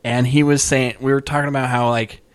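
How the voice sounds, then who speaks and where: A young man hosting a podcast in casual chat, laid-back, laughing easily and chiming in with quick agreements. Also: mid-range voice, level tone, clean tone, no echo. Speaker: podcast host.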